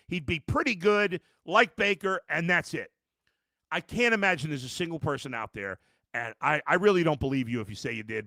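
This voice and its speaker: A middle-aged man hosts a live postgame reaction sports podcast, ranting emphatically at viewers, whom he calls folks, with many restarts. His voice is a little high, creaky, pushed and bright, and the recording is dry.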